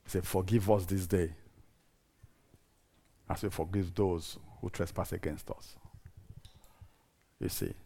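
A man in his fifties preaching a sermon in a church, repeating phrases, calling for responses and swinging from soft to loud emphasis. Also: low voice, steady tone, takes it slowly, creaky, pauses often, slightly rough. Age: 50s.

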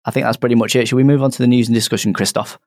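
A man's voice: medium pitch, steady tone, very fast, darkish tone. A man with a Northern English accent hosting a gaming podcast, bantering and joking at his own expense. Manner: joking, self-mocking banter. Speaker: podcast host. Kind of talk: casual chat.

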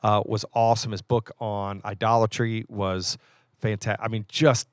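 A man's voice: fairly low pitch, flat delivery, normal speed, no echo, studio quality. A man, a pastor from West Virginia, chatting casually and easygoing on a podcast. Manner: easygoing, stops and restarts, warm enthusiasm. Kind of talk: casual chat.

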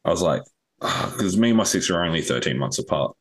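Young guy w a really low voice, rambling thru a dumb joke, swears a lot, casual podcast chat. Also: expressive, a little fast, a little hiss or hum. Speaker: podcast co-host. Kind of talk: casual storytelling.

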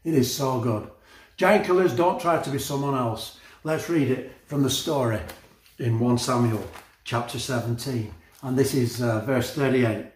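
A man's voice: mid-range voice, a little slow, echoey room. A man preaching a sermon with passion, laughing often and repeating phrases.

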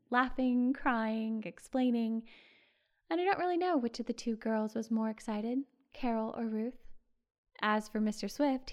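A woman narrating a short story audiobook in a calm, measured way. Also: fairly high pitch. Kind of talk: scripted narration.

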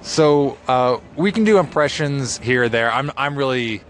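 A man co-hosting a casual podcast chat, playful and halting with fillers. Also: medium pitch, expressive, slight background noise. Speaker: podcast co-host, narrator.

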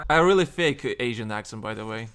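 A man's voice: mid-range voice, animated, normal speed, a bit bright, clear, resonant tone. A man on a podcast chatting casually, blunt and swearing constantly. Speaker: podcast guest. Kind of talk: casual chat.

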